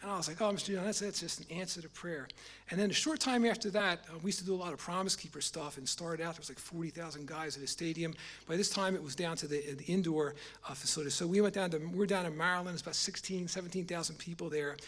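A middle-aged man preaching a personal testimony sermon, halting and repeating his words, rising in volume on key points. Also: a little high, fairly bright tone.

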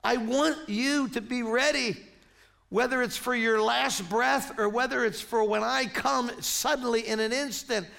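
A middle-aged man delivers a sermon as pastor. His voice sits high and carries a gravelly edge. He talks conversationally and stumbles and restarts mid-story. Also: fairly even intonation, unhurried, pushed and bright. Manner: conversational, stumbling restarts when telling stories.

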